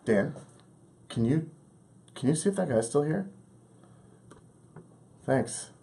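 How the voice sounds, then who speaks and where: A man's voice: medium pitch, lively intonation, takes it slowly, gravelly, dark tone. A man hosting a comedy talk show, chatty and offhand with his guests. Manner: pleading, then chatty introduction.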